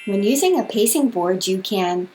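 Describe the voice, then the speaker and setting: Calm woman speech therapist explaining. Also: medium pitch, moderate pace, faint music behind. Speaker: speech-language pathologist. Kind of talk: scripted instruction for parents.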